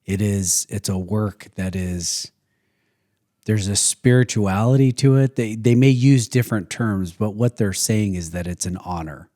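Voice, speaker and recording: A man hosting a podcast interview, asking measured, thoughtful questions. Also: on the low side, warm tone. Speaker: podcast host.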